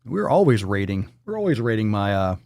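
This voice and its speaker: A man hosting a fitness livestream. He talks casually, reacting to viewer posts with loud jokes, swearing and pep-talk coaching. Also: fairly low pitch, very animated, a little fast, no room sound, studio quality. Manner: loud, profane, joking, coaching.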